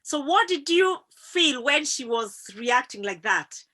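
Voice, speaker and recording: A woman hosts the conversation, affirming her guest and posing questions. Her voice is high and bright, and she speaks slowly and deliberately, with lively rises and falls. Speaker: interview host. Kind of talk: interview questions.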